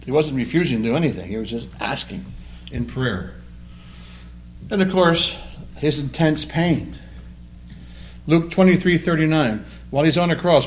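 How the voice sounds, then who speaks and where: A man's voice: a little high, lively intonation, moderate pace, a little hiss or hum. A man preaching a sermon, acting out the voices of the people he quotes. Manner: dramatic, acts out quoted voices. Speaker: pastor.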